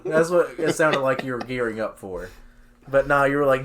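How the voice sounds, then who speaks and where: A man's voice: medium pitch, moderate pace. Laid-back man cohosting. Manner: laid-back, swears a lot, says dude and bro. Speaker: podcast co-host. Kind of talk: casual podcast banter.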